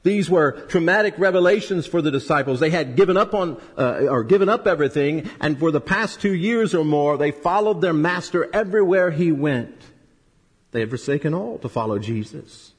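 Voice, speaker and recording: A man preaching a sermon, emphatic, rising loud and high then dropping low and soft, asking rhetorical questions. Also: animated, normal speed, breathy edge. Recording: long reverb of a hall.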